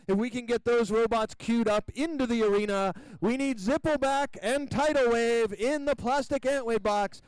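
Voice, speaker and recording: High-voiced man announcing robot fights. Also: normal speed, hardly any pauses, clean tone, no room sound, poor audio. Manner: energetic play-by-play, calls robots to the arena, counts down. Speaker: combat robot event announcer. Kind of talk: live event commentary. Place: robot combat event venue.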